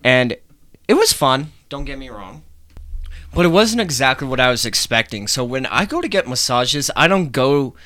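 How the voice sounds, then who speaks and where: A man's voice: mid-range voice, big pitch swings, normal speed, sharp tone, dry recording, clean studio sound. A young man hosting his own podcast, talking casually in a rambling, chatty way and swearing offhandedly. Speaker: podcast host. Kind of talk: casual solo podcast talk.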